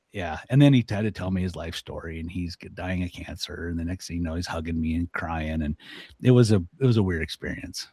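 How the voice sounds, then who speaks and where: Husky, low-voiced man telling stories. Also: normal speed, no echo, clean studio sound. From northern Idaho, USA. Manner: animated storyteller, laughs often, acts out voices. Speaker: guest elk-hunting expert. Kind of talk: casual podcast storytelling.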